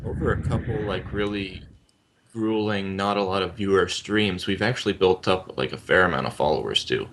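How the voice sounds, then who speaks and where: A young man in his late teens chats casually as co-host of a gaming channel. His voice sits very low, and he speaks earnestly and reflectively, with some hesitation. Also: normal speed, a bit bright, slight background noise. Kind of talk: casual chat.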